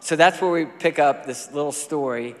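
A man gives a sermon from the pulpit, his slightly high voice carrying a long reverb through a large hall. He tells stories in a casual, animated way, full of conversational asides. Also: moderate pace. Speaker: pastor.

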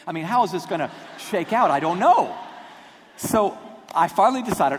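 A man preaching a storytelling sermon, animated and self-deprecating in his humor. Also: on the high side, brisk. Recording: long hall reverb.

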